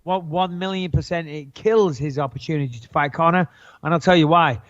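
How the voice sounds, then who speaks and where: A man's voice: a little high, fairly quick, no room sound, dull audio. A man co-hosting a podcast in casual chat, blunt and joking, swearing freely. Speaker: podcast co-host.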